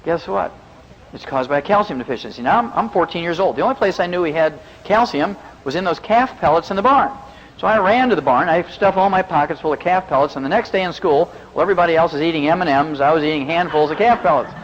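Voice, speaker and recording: A Midwestern man who is both a veterinarian and a physician gives a folksy, joking health lecture to a live audience. He tells stories with animation and talks fast in a fairly high voice. The recording is muffled, with faint hiss and a long reverb tail.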